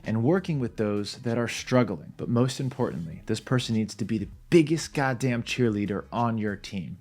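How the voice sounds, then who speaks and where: A man teaching beginners a sales method in a direct, confident, plain-spoken way. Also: on the low side. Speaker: sales trainer. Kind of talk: instructional talk to camera.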